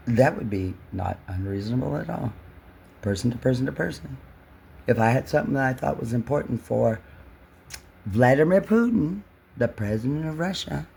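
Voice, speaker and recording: A man's voice: mid-range voice, vocal fry, a little mellow, slight background noise. A man vlogging in a rambling, emotional monologue, full of repeats and restarts. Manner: emotional, repetitive, many restarts with "well".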